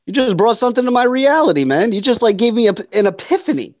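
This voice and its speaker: A man's voice: extremely high pitch, sing-song, quick pace. A man in his thirties talking earnestly and reflectively in a casual chat, laughing along with his co-host. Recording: dull lo-fi dry sound.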